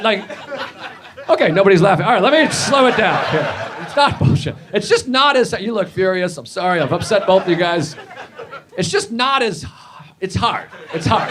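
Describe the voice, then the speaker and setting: A man doing a stand-up set, rambling and self-deprecating, with sudden shouted bits. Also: high voice. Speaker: stand-up comedian. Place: comedy stage. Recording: played clip with audience noise.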